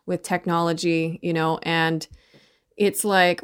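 A woman's voice: fairly low pitch, moderate pace. A middle-aged woman talking in a rambling, opinionated monologue, often tagging her points with "right?". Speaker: commentator on parenting. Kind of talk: casual monologue.

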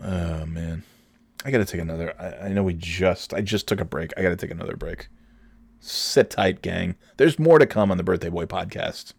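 A man with a deep, low voice talks through a casual solo podcast. He rambles and laughs at his own jokes, and he is recorded up close in a dry room with no echo. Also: normal speed, vocal fry. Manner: breaks into loud mock announcer bits. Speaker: podcast host.

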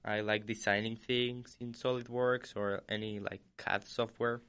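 A man's voice: on the low side, flat delivery, a little slow, a bit bright, clean tone. Easygoing young man on a podcast. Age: young adult. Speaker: podcast co-host. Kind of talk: casual chat.

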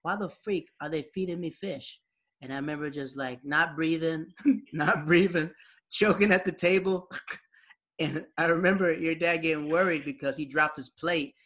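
A young man casually reminiscing with an old friend, animated, acting out quoted voices and laughing often. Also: a little high, normal speed. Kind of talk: casual storytelling chat.

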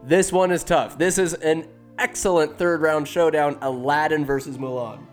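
Excitable man ranking movies, a bit tipsy. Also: fairly high pitch, moderate pace, faint music behind. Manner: animated, swinging from musing to shouting; swears freely, talks to himself. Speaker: vlogger ranking films. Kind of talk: casual excited commentary.

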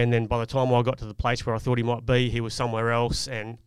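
A man's voice: mid-range voice, little pitch movement, quick pace, smooth, no echo, studio quality. A man, telling a personal parenting story in an earnest, reflective way on a casual podcast. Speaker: podcast co-host. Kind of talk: casual chat.

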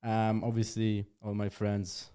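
A man hosting a podcast in casual chat, hesitant and halting, laughing often as he talks. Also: lowish voice, monotone, mellow, smooth. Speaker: podcast host.

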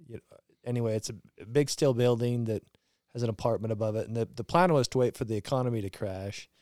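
A man who is a guest in a casual chat, speaking in a halting way with many restarts. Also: mid-range voice, a little mellow, no echo, clean studio sound. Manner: halting, hesitant, restarts often.

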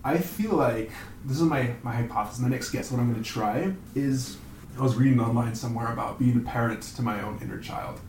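A man co-hosting a casual podcast chat, reflective and halting as he thinks aloud. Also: mid-range voice, a little mellow, roomy sound, recorded from a distance, slight background noise, low-quality recording. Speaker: podcast co-host.

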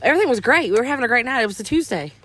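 A woman, co-hosting a podcast and telling stories in a casual, animated way. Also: a little high, racing. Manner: animated, acts out quotes in exaggerated voices. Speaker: podcast co-host. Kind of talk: casual storytelling chat.

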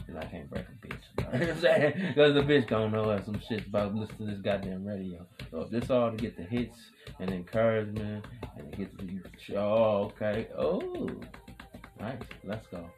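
A man hosting his own podcast in a rambling, profane hype monologue, repeating chants and swinging from loud shouting to low mutters. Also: slight background noise. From Wisconsin. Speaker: podcast host.

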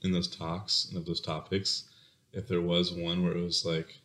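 A man's voice: low voice, little pitch movement, normal speed, a bit bright. A young adult man co-hosting a podcast in casual chat, rambling a little and hesitant, with lots of fillers. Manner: rambling and hesitant, loose thoughts full of likes. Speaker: podcast co-host.

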